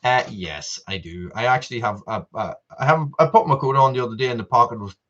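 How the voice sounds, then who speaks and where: Speaking fast in a medium-pitched, fairly bright voice, a man hosts a casual live stream from an upstairs room at home, and the recording sounds muffled. He rambles to viewers, mocks himself, and keeps restarting and laughing while he tests his camera mic and desk mic.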